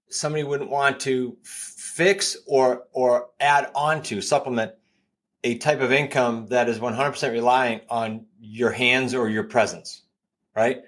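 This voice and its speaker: A man in his fifties with a New England accent talks at a middling pitch as a podcast guest. He pitches his ideas with energy, hammering home key figures and repeating himself for emphasis. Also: measured pace, fairly bright tone. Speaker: guest, real estate coach. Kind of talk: podcast interview.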